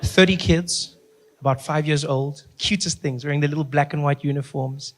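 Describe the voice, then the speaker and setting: High-voiced South African comedian. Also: male voice, normal speed. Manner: animated, playful, acts out characters. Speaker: stand-up comedian. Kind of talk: stand-up storytelling.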